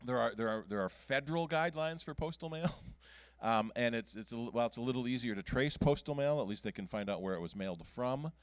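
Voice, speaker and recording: A man giving a casual talk at a computer club meeting, halting often with ums and restarts as he clicks through his screen. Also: mid-range voice, no room sound. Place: meeting room.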